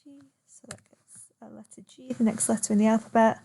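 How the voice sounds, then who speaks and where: A woman teaching a recorded online lesson, calmly explaining step by step and drawing out words to show their stress. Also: on the high side, brisk, creaky, a little hiss or hum.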